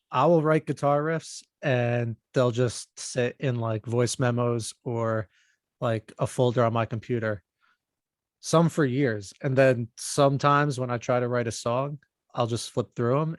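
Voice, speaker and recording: A man's voice: mid-range voice, steady tone, a little slow, no echo, clean studio sound. A man co-hosting a podcast in casual, upbeat chat, with a self-joking manner. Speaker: podcast co-host.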